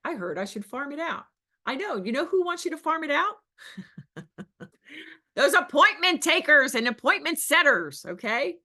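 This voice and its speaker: Woman, sales coach, podcast teaching talk, passionate, lively pitch, rhetorical questions. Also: normal speed, pauses often.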